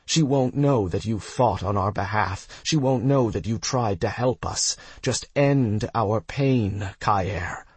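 A man's voice: lowish voice, slow pace, few pauses, slightly rough, no echo. A man voicing a feverish, dying elven woman, speaking weakly in pain. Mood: pleading. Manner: whispering, strained. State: in pain, weak.

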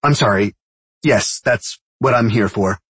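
A man voicing an eager, nervous young male soldier who stutters with excitement, in a storybook reading. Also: lowish voice, measured pace, breathy edge, dry recording, voice pushed up, full character voice. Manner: stuttering, overexcited.

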